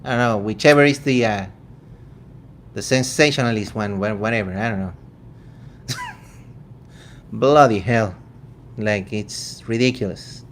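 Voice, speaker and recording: A man's voice: lowish voice, steady tone, a little hiss or hum. A man from Venezuela with a Venezuelan accent, hosting a casual vegan commentary show in a joking, incredulous way. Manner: incredulous, joking, quick asides. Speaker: vegan channel host.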